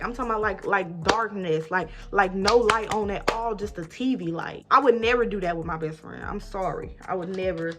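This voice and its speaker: A woman's voice: mid-range voice, normal speed, hardly any pauses. A woman in her twenties telling an emphatic, casual storytime while getting ready, acting out both sides of an argument. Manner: animated, emphatic storytelling, often addressing listeners as y'all; acts out both sides of arguments, rising loud when retelling fights. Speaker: vlogger.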